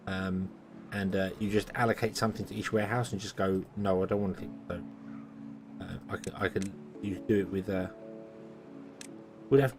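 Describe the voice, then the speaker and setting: A tired man, thinking aloud with lots of fillers while streaming a game. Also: lowish voice. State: tired, yawning. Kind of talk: casual gameplay commentary.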